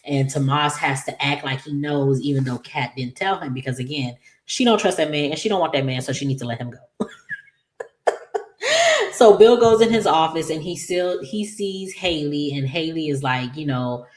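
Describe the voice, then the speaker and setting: A woman recapping a daytime soap episode in a chatty, animated way, acting out the characters' lines with playful asides and laughter. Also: low-pitched, normal speed. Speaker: soap opera recap host. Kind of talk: casual recap vlog.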